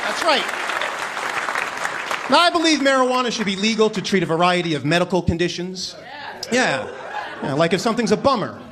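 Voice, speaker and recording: A man working a comedy club stage with a lively, high-pitched delivery that swings wide as he acts out bits. His voice is a touch high for a man, and the live club recording carries a noisy room and a laughing crowd behind him. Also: a little fast, pauses often. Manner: animated, mock-incredulous, acts out voices. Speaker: stand-up comedian. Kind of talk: stand-up comedy set. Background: audience laughter.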